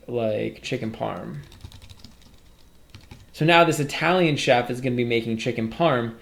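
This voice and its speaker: A man explaining programming in a casual, upbeat way, walking through code as he types. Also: medium pitch. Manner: casual, upbeat explaining with fillers while coding. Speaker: programming tutor. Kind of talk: screen-recorded coding tutorial.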